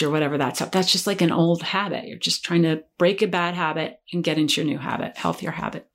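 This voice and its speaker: A woman's voice: lowish voice, fairly even intonation, fairly quick, hardly any pauses. A woman who works as a life coach, a podcast guest telling a personal story in an earnest, reflective way. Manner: earnest, reflective, dips quiet at tender moments.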